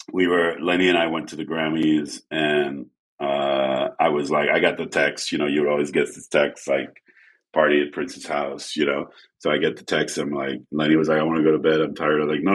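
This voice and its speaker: A man telling casual stories as a guest photographer, acting out quotes in an animated way. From France. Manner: animated, acts out quotes with shifting pitch. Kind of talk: casual storytelling.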